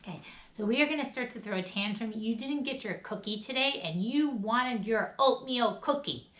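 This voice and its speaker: Upbeat, bright-voiced woman coaching a class. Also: a little high, expressive, moderate pace, roomy sound. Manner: upbeat, coaching, with bursts of laughter and shouts. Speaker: wellness instructor. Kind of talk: guided laughter and movement class.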